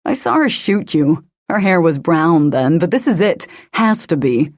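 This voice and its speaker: A woman's voice: low-pitched, very animated, a little slow, no room sound, studio quality, full character voice. A woman narrator voicing a grim, wounded male agent who insists on what he has seen. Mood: insistent.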